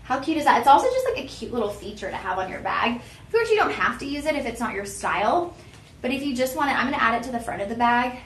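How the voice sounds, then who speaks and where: A woman's voice: fairly high pitch, very animated, fast, fairly bright tone, roomy sound, slight background noise. A young woman hosting a live shopping show, chatting with viewers and teasing herself. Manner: chatty and self-teasing, talks straight to viewers. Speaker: shopping channel host.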